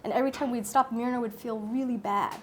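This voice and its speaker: A woman speaking at a public talk, telling a personal story in an animated way, acting out her own thoughts and laughing often. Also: a little high, fast, slight background noise.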